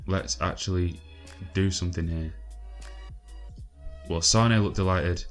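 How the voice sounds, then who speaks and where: A man giving casual gameplay commentary, chatty and exasperated, swearing often and filling pauses with ums. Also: low voice, faint music behind. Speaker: gaming channel host.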